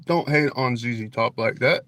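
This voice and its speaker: A man's voice: mid-range voice, moderate pace, a bit bright. A man hosting a casual phone livestream at night, laid-back and joking with viewers, cursing freely. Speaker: livestream host. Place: outdoors at night near a store parking lot. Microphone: phone camera.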